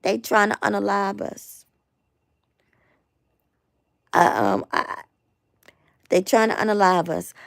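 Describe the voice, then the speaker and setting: Host, woman; fired-up repetitive live rant, gravelly hoarse tired voice, dry close sound. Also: medium pitch, takes it slowly, pauses often, dry recording. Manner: emphatic, repetitive, stumbling restarts. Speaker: host of a live online show. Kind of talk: impassioned live rant to viewers.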